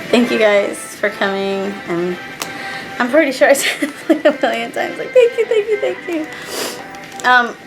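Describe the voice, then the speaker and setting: A woman's voice: mid-range voice, poor audio. A young woman chatting casually to camera, sad and stressed, rambling with fillers and restarts. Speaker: vlogger.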